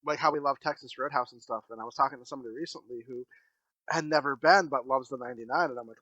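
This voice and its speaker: A man co-hosting a casual podcast, telling stories in a fast, excitable way. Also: mid-range voice, no room sound, poor audio. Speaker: podcast co-host.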